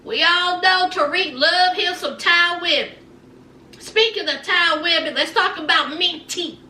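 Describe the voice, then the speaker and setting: Sassy high-voiced woman recapping gossip. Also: unhurried, recorded from a distance, a little hiss or hum. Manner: sassy, animated, acts out quotes, calls listeners honey and child. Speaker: reality TV recap host. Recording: echoey room, off mic.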